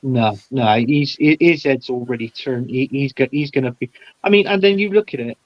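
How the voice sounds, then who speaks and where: A man's voice: medium pitch, moderate pace, dry recording, dull audio. A man guesting on a casual football chat show, giving blunt, heated opinions with lots of stumbling restarts. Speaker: podcast guest.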